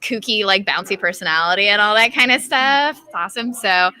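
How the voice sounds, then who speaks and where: A woman's voice: medium pitch, lively intonation, a little fast, pushed and bright, clear, resonant tone. A woman on a cosplay panel, chatting casually and gushing with enthusiasm. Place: convention panel room.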